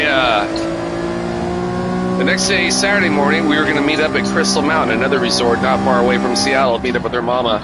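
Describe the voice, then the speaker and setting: Candid swearing middle-aged man over loud engines. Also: medium pitch. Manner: loose and candid, swears freely, leans on "man" and "right?". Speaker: live streamer. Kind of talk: casual chat while playing a racing game. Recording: loud car engine noise behind the voice. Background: racing game car sounds.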